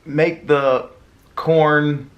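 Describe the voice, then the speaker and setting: A man's voice: on the high side, flat delivery, extremely slow, dull audio. A young man with a Southern US accent telling a story in a casual, rambling way, with lots of fillers and restarts. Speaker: mukbang vlogger.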